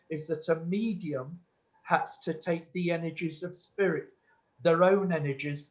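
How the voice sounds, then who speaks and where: Church medium, male, slightly higher voice, earnest and insistent, lo-fi dull recording. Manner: earnest and insistent, calls listeners sweetheart. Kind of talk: church demonstration, answering audience questions. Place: church hall.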